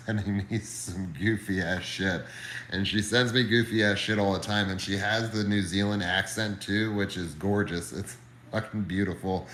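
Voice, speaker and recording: A man's voice: low voice, a bit bright, echoey room, slight background noise. A man casually chatting on a livestream and reading viewer comments, laid-back, profane and friendly. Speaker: livestream host and reptile keeper.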